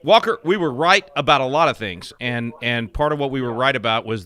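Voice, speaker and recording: A man co-hosting a talk radio show, chatting casually in an animated, joking way. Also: medium pitch, clear, resonant tone. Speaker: radio co-host.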